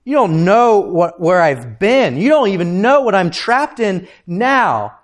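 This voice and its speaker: A man's voice: high voice, big pitch swings, measured pace, pitched above the performer's own voice. A man voicing an anguished adult male churchgoer who doubts he is forgiven, pleading and pressing question after question.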